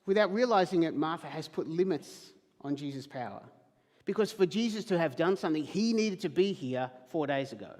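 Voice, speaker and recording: A man's voice: high-pitched, sing-song, normal speed, a little mellow, big-room sound. A man preaching a sermon as pastor, emphatic, acting out quoted questions. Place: church hall.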